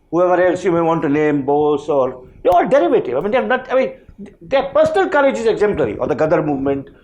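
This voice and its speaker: A man on a panel, his voice pitched high and swinging widely in tone. He talks haltingly, circling back and restarting his thoughts as he goes. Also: a little mellow. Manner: halting, many restarts and fillers. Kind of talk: panel discussion.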